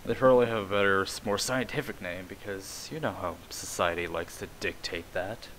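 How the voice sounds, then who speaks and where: A man's voice: low voice, fairly quick, fairly bright tone, a little hiss or hum, poor audio. A man from Canada, talking in a casual vlog in a rambling, offhand way and swearing now and then.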